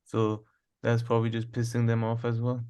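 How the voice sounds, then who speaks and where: A man co-hosting a casual political podcast, relaxed and chatty, laughing often. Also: mid-range voice, normal speed, smooth. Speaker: podcast co-host.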